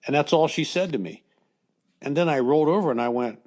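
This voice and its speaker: An older American man, a former baseball coach, telling personal stories in an interview in a halting way with frequent restarts. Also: medium pitch, darkish tone. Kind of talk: emotional storytelling interview.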